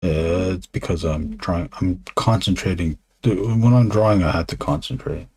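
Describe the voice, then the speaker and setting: This streamer sketches comics live and muses in a hushed, low voice close to his desk microphone, stopping now and then. His tone is darkish and husky.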